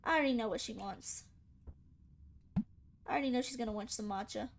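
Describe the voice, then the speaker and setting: A young woman with a high voice chats casually through a game, teasing and sassing the characters on screen. Her commentary is playful, quick to joke and quick to complain. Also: gravelly, background noise. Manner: playful, sassy, talks back to game characters. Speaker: gaming channel host.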